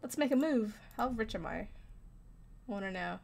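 A woman's voice: fairly high pitch, animated, moderate pace, creaky, darkish tone, faint music behind. Joking woman playing a game. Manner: joking, laughs often, mutters asides. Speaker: gaming streamer. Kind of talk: casual let's play commentary.

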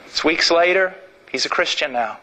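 A man's voice: a little high, animated, moderate pace, bright, forceful tone, rough recording. A man preaching a sermon in an impassioned, emphatic way.

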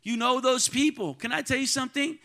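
A man preaching a sermon to his church congregation, calling out to the crowd and swinging between quiet talk and loud shouts. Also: very high voice, brisk. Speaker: pastor. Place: church sanctuary.

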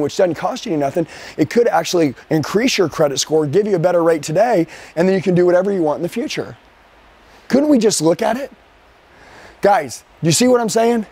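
A man with a high voice running a live sales training for a team. He coaches forcefully and keeps throwing rhetorical questions at the room. He shifts his pace, rushing some lines and drawing others out for emphasis. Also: slightly rough. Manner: speeds up and slows down for emphasis.

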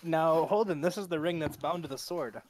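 A man's voice: on the high side, moderate pace, a little mellow, slight background noise. A man playing a tabletop game, chatting casually and swearing now and then. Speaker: player.

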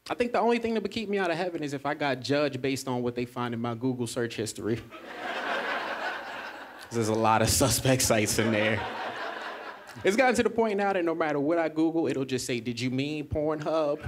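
A man's voice: mid-range voice, lively intonation, fairly quick, long pauses, heavy background noise. A man doing a stand-up comedy set with a laid-back, self-deprecating delivery.

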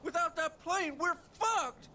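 A man's voice: very high-pitched, slow pace, pushed and bright, heavily acted. An actor playing a desperate male bush pilot in a video game, an anxious expecting father who pleads for help and swears under pressure.

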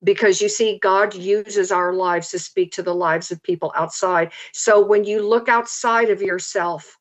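A woman preaching earnestly as a guest speaker, reading scripture slowly and deliberately. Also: medium pitch, steady tone. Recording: slightly dull lo-fi audio.

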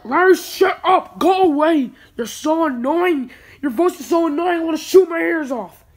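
A woman voicing a grumpy, irritable male king and father who snaps and yells at his son in a puppet comedy video. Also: mid-range voice, little pitch movement, quick pace, lightly acted. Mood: yelling. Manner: irritable, snapping and yelling.

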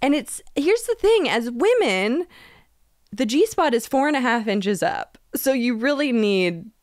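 A woman's voice: a little high, big pitch swings, a little slow, no echo, clean studio sound. A woman co-hosting a casual podcast chat, blunt and bawdy, telling stories with a laugh. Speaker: podcast co-host.

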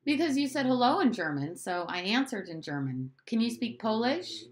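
A woman reading aloud, voicing a quiet, thoughtful nine-year-old boy in a storybook. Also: on the high side, very animated, moderate pace, voice pushed up.

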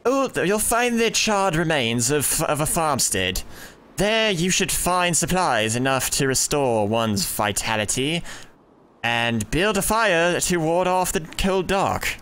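A man reading out a remorseful male community leader's last confession in a slow, solemn put-on Old English accent. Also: a little high, very animated, a bit bright, clear, resonant tone, full character voice. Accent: attempted Old English.

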